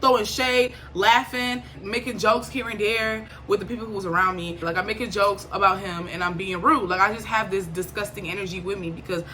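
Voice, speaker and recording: Animated young woman, bright voice. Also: medium pitch, a little fast, hardly any pauses, slight background noise. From Liberia. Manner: animated, swings between irritated and laughing, acts out quotes. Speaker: vlogger. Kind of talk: casual storytime.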